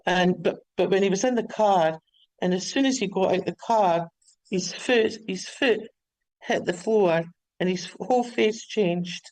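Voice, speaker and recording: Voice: medium pitch, measured pace, a little mellow, no room sound, low-quality recording. A caller telling a story at length, often restarting and repeating words, on a remote line. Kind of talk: rambling storytelling.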